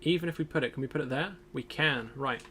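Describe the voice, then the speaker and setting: A young gaming streamer plays a survival game, muttering to himself as he casually thinks aloud. He talks fast in a medium-pitched voice that's bright and forceful, with a little hiss or hum.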